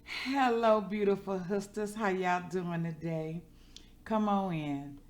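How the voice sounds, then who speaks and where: A woman's voice: medium pitch, slow pace. A woman chatting casually to her viewers in an eating vlog, heartfelt and preacherly when she prays. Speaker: vlogger.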